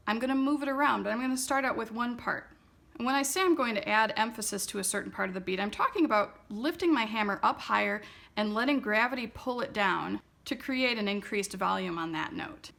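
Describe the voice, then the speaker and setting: A woman with a fairly high, bright voice walks through a music exercise. She explains each step clearly and patiently. Light instrument music sits faintly behind her. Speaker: music teacher.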